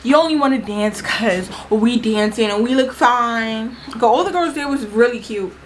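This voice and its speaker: A woman's voice: fairly high pitch, a little slow, slight background noise, low-quality recording. Chatty young woman telling a story. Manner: chatty, animated, slangy retelling with acted-out quotes. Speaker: storytime vlogger. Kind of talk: casual storytime vlog.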